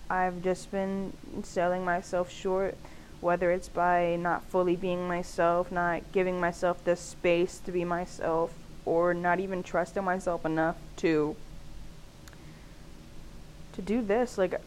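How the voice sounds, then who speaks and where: A woman's voice: lowish voice, fairly even intonation, unhurried, a little mellow, a little hiss or hum, rough recording. A young woman hosting her own podcast, talking candidly in a loose, chatty way, full of "like" fillers and laughter. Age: young adult. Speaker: podcast host. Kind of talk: casual solo podcast monologue.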